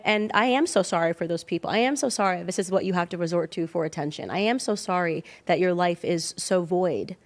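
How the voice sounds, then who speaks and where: A woman in her thirties talking casually as a podcast guest, emphatic and animated, jumping up in pitch when she acts out other people. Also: brisk, hardly any pauses. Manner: emphatic, animated storytelling with sudden pitch jumps. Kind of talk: casual chat.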